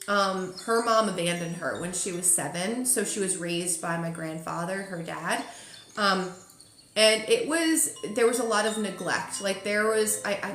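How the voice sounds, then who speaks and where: A woman's voice: mid-range voice, fairly bright tone. A woman giving a casual spiritual forecast, chatty and emotional, often checking in with "okay?". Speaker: intuitive reader. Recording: echoey room with faint ambience.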